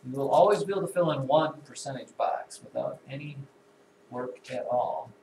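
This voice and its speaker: A man's voice: mid-range voice, normal speed, darkish tone. A man teaching a classroom math lesson, talking students through a problem with dry, teasing asides. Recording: echoey classroom, voice from far off, clear noise.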